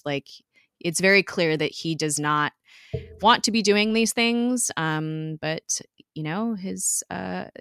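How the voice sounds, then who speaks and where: Low-voiced woman recapping casually. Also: a bit bright, clear, resonant tone, dry recording, clean studio sound. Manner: chatty, quick retelling with fillers and laughs. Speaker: podcast co-host recapping a TV episode.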